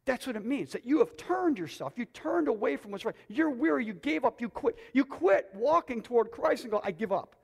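Excited high-voiced preacher with gravelly edge. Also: male voice. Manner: excited, near-yelling exhortation. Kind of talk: sermon. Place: church sanctuary with congregation. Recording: long hall reverb.

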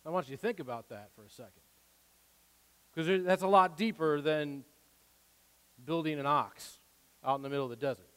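A man preaching a sermon, excitable, swinging from loud declarations to quiet asides. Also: a little high, moderate pace, long pauses, clear, resonant tone. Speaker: pastor. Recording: long hall reverb.

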